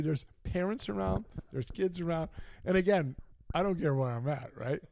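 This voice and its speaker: A man's voice: a little high, animated, normal speed, creaky, mellow, dry recording. A middle-aged man co-hosting a sports talk show, telling a long story in casual chat and acting out both sides of the conversations. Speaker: podcast co-host.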